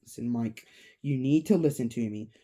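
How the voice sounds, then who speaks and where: A woman voicing a frightened young woman who delivers grave, drawn-out warnings. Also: a bass voice, dark tone, voice pushed down. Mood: urgent.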